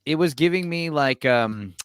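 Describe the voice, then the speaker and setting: A man's voice: fairly high pitch, expressive, normal speed, a bit bright, clear, resonant tone, no echo. A man talking casually as a guest on a film chat show, rambling with plenty of "like" and "you know".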